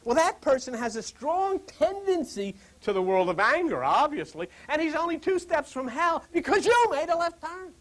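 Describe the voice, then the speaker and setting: A man with a high, bright-toned voice lectures a small group on spiritual matters. His pitch leaps and swoops constantly as he rambles along, chuckling through asides and turning to quiz the people in front of him. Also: moderate pace, hardly any pauses, low-quality recording. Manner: animated and rambling, with direct questions to listeners. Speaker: spiritual teacher.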